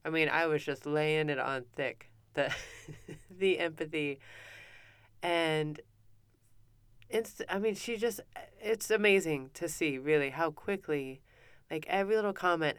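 A woman in her thirties hosting a podcast, telling a family story in a casual, animated way. Her voice is low and very smooth, and she often restarts her sentences. The sound is close and dry, with no room echo. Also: a little slow. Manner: animated, breathless retelling with many restarts and acted quotes. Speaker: podcast host.

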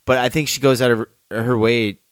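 A man's voice: mid-range voice, steady tone, a little fast, smooth, no echo, clean studio sound. A man co-hosting a casual film review podcast, laid-back and chatty, often saying "dude" and "you know". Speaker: podcast co-host.

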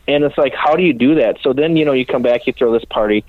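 A fast-talking man with a mid-range voice, a custom bike builder from around Minneapolis, spins casual, profane, self-deprecating stories in an interview. The recording is dry and phone-like, with no room sound.

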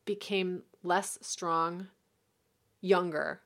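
A woman co-hosting a podcast, chatting casually and telling animated stories about her children. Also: lowish voice, very slow. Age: adult, mother of several children. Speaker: podcast co-host. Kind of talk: casual chat.

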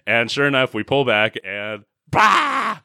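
Podcast host: low-pitched man, lively swings in pitch, dry studio sound, laughs through his recaps. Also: brisk, no room sound. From United States. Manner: animated, laughs often while recapping. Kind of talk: casual movie review chat.

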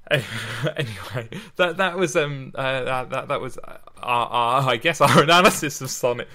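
A man hosting a podcast, talking over a poem in a thoughtful, halting way, with frequent restarts. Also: medium pitch, bright, forceful tone. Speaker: podcast host. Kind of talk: casual discussion.

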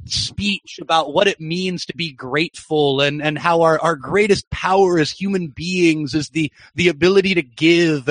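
Young man, animated storyteller, higher voice. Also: moderate pace, hardly any pauses, no room sound. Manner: animated, excited anecdote-telling. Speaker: soccer journalist and broadcaster, podcast guest. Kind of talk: storytelling in a podcast interview.

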